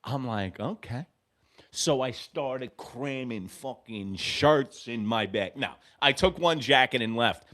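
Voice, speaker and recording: A man hosting a live baseball fan stream, telling profane stories and breaking off to call plays excitedly. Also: medium pitch, slow, few pauses. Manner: animated, profane storytelling with excited play calls. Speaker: host of a fan sports show.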